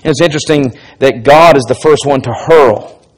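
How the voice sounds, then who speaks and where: A man's voice: medium pitch, normal speed. A man teaching a sermon-style Bible study to a congregation, talking casually with frequent restarts and rising in volume to stress key points.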